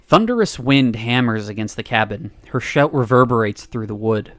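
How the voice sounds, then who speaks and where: A man's voice: medium pitch, normal speed, no echo, faint music behind. Man reading a visual novel aloud. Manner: expressive reading broken by laughs and asides. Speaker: streamer.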